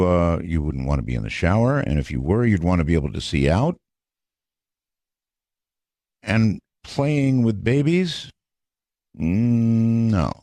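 A man hosting a call-in radio show, speaking in a measured, deliberate way. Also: low-pitched, darkish tone, no room sound, clean studio sound. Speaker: radio host.

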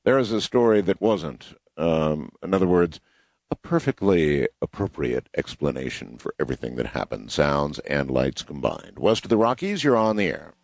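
A man hosts a late-night call-in radio show, taking calls and summing up what callers tell him. His voice is very deep but swings widely in pitch. The sound is dry and close to the mic. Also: moderate pace, gravelly, no room sound. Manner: animated, takes calls and sums up stories. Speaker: radio talk show host.

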